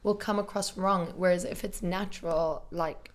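A woman's voice: lowish voice, steady tone, normal speed, slight background noise. A woman hosting a podcast, chatting casually and prodding her guest with questions. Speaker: podcast host.

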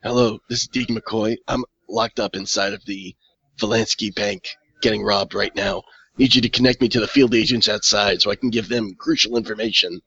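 A man's voice: lowish voice, fairly even intonation, brisk, a bit bright, breathy edge, no echo. A man playing Deacon McCoy, a cocky agent. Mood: urgent. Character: brash male Interpol agent held hostage. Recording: dull, dry online call audio.

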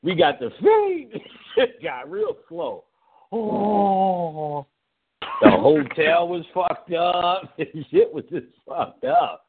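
A man tells stories in a loose, profanity-heavy way, swinging his voice up and down as he goes. His pitch sits a bit high, and the sound is thin and phone-like, as if heard over a call-in line. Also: breathy edge. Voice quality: animated, profane, fast-shifting delivery. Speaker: radio show guest. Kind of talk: casual profane storytelling. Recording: phone-like radio audio.

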